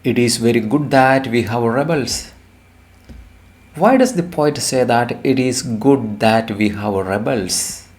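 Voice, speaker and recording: A man's voice: mid-range voice, slow pace, a little mellow. A man teaching a lesson, explaining a poem and stressing and repeating key words for his students. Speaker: English teacher.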